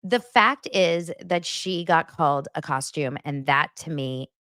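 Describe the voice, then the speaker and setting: A woman with a fairly low voice chats through a reality-TV recap, gossipy and expressive, slipping into the cast's lines as she goes. The sound is dry and close, with no room around it. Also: unhurried, no echo. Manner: gossipy and expressive, acts out quotes. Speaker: podcast host. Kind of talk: casual reality-TV recap chat.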